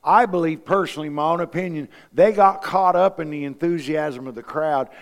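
A man's voice: on the high side, normal speed, in a large hall. A man preaching a sermon in a folksy, storytelling way, asking his congregation rhetorical questions. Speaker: pastor.

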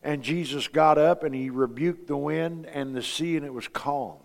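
A male pastor with a fairly high voice preaches a sermon in a folksy storytelling way, asking his listeners question after question. His words ring out with a long reverb, as in a church sanctuary. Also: normal speed, gravelly.

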